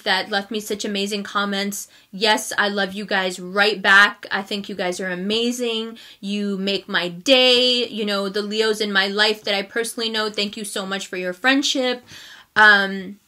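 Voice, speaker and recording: A woman's voice: mid-range voice, pushed and bright. A woman tarot reader talking casually and effusively to her viewers, laughing often and getting emotional. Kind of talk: casual direct-to-camera talk.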